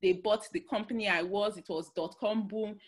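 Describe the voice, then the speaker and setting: A woman with a Nigerian accent giving a motivational talk, telling stories in an animated way with many fillers and restarts. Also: mid-range voice, normal speed. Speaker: guest speaker.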